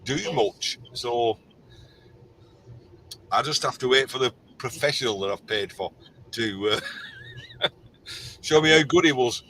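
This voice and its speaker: A man's voice: mid-range voice, measured pace, long pauses, a little hiss or hum, low-quality recording. A middle-aged man as a guest, telling stories in a casual chat and acting out the quotes. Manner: animated storyteller, acts out quotes.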